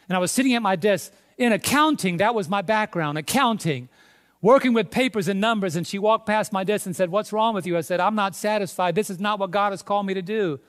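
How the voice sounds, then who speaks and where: A man with a New York accent preaching a sermon, emphatic, with sudden loud stresses on key words. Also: high voice. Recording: long hall reverb.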